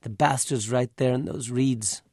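A man's voice: mid-range voice, fairly even intonation, measured pace, a little mellow, breathy edge, no room sound, clean studio sound. A man reading a desperate pleading electrician. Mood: insistent. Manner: pleading, raw. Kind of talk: audiobook reading.

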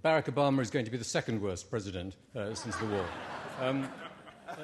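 A man's voice: lowish voice, a little fast, noisy background. A man with a British accent giving a formal debate speech to a live audience, wry and dotted with ums and uhs.

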